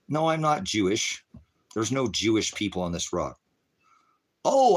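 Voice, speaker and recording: A man on a livestream, ranting about scripture at his chat, swearing and taunting, dropping from low mutters to high shouts. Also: very animated, unhurried, pauses often, husky. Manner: profane, taunting, mocking laughter. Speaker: livestream preacher. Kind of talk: heated livestream rant at chat.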